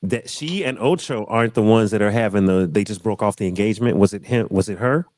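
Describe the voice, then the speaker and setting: Casting: low-voiced man hosting a relaxed panel talk, repeats himself, dry close mic. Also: a little fast, no echo. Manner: loose, repeats phrases, says y'all. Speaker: host. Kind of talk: casual panel chat.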